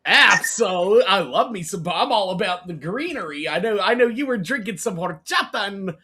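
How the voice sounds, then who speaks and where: A podcast host with a bright, husky-edged voice that swings widely in pitch. The delivery is enthusiastic and loose, cursing casually while asking questions. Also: animated, a little fast. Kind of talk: casual interview.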